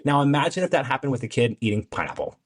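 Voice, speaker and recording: A man's voice: medium pitch, big pitch swings, quick pace. A man hosting a podcast interview, telling personal anecdotes and asking long, reflective questions. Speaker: podcast host.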